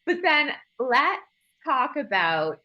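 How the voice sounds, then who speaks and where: A woman's voice: sits high, very animated, slow pace, sharp tone, muffled recording. Bubbly, laughing woman podcast host. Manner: bubbly, laughs often, acts out quotes. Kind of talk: casual interview chat.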